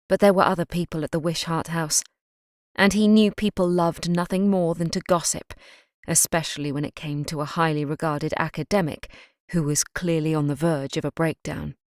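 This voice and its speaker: Woman, audiobook narrator, scripted narration, measured, low pitch, dry close sound. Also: darkish tone, no room sound.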